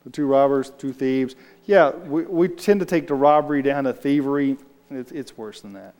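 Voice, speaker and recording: A man's voice: medium pitch, normal speed, a little mellow. A man leading a casual Bible study, talking loosely and answering his group as he reads aloud. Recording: reverberant room.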